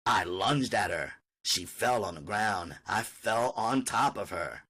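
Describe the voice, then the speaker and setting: A man's voice: lowish voice, animated, takes it slowly, bright, forceful tone, slightly rough. A man reading an audiobook aloud in first-person narration.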